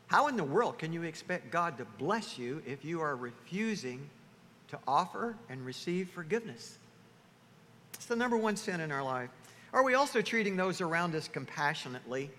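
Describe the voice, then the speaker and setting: A man preaching a sermon in a church, lively and animated, slipping into the voices of the people he quotes. His voice sits high and sounds bright and forward. The sound carries a long reverb from the hall with faint ambience behind. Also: normal speed, a little hiss or hum. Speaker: pastor. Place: church sanctuary.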